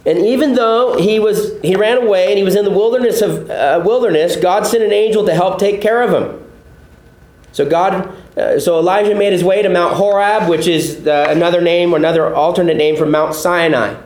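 A man's voice: high voice, moderate pace, a little mellow, roomy sound, poor audio. A male pastor teaching a sermon, explaining a text step by step, repeating key points and putting questions to his listeners.

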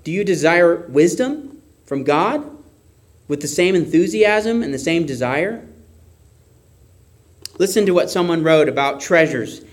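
A man preaching a sermon, expressive, acting out shouts and whispers. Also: a little high, a little slow, pauses often.

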